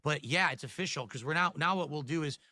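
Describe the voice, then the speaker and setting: A man's voice: fairly high pitch, quick pace, pushed and bright, no room sound, studio quality. A man hosting a live wrestling commentary stream, chatting casually and asking viewers for support. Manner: chatty, asks chat for support, restarts a lot.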